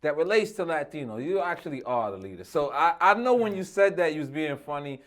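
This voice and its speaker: A man from Queens, New York, talking as an interview guest in an excitable, emotional way and laughing often. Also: on the high side, fairly quick. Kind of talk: casual interview chat.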